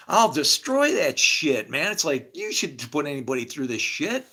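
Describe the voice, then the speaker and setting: A man's voice: on the high side, very animated, normal speed, sharp tone. A man giving a rambling, casual spiritual monologue, swearing freely, laughing often and acting out imagined conversations. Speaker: spiritual speaker.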